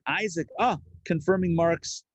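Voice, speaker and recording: A man, a rabbi, teaching a live Torah class in a chatty, lively way and acting out the people he quotes. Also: on the high side, a little slow, slight background noise.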